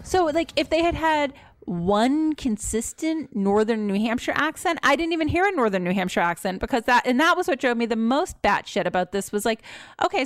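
Woman co-host, New England accent, slightly high, exasperated and animated, dry mic. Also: dry recording. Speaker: podcast co-host. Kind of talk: casual review chat.

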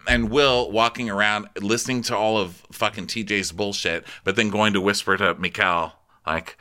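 A man's voice: on the low side, normal speed, few pauses. A man co-hosting a casual podcast, recapping a reality show and acting out the cast's lines in exaggerated voices. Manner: animated, acts out quotes in exaggerated voices. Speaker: podcast co-host.

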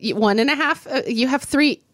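A woman demonstrating a recipe in casual chat, emphatic with quick asides. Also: sits high, a bit bright, dry recording, studio quality. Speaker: cook, guest.

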